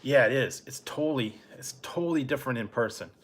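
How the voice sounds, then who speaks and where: A middle-aged man hosting a late-night live stream, telling a rambling, laid-back story with soft chuckles and answering chat. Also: medium pitch, quick pace, slightly rough. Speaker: food review channel host.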